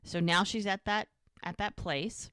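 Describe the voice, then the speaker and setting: A woman's voice: mid-range voice, steady tone, a little slow, bright, forceful tone, clean tone, no room sound, studio quality. A woman co-hosting a podcast, casually recapping a TV episode and acting out the characters' lines with laughs along the way.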